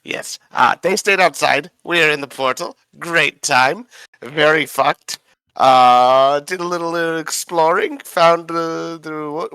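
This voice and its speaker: A man's voice: fairly high pitch, slow, pushed and bright, clear, resonant tone, no echo. A man recapping a tabletop game session in a rambling, profane, casual way, often fumbling names.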